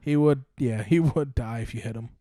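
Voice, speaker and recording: A man's voice: medium pitch, normal speed, warm tone, dry recording. A man co-hosting a comedy podcast, riffing crude jokes in casual banter. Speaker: podcast co-host.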